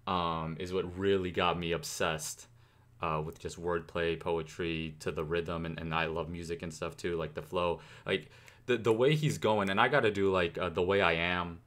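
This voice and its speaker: A young man with a low voice hosts a rap reaction video. He rambles loosely, full of "um" and "like", and speeds up whenever he gets excited about the rhymes. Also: moderate pace. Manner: rambling, enthusiastic, many fillers. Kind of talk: casual music reaction commentary.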